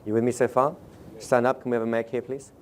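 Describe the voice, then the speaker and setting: This male seminar trainer speaks to a live audience at a lively, conversational clip, regularly checking with listeners and sometimes slowing right down to make a point clear. His pitch is medium and his delivery flat.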